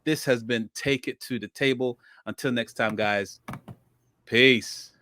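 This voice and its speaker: A man's voice: medium pitch, steady tone, unhurried, sharp tone. Laid-back male podcast host. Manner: laid-back, agreeable, joking. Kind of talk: casual podcast chat.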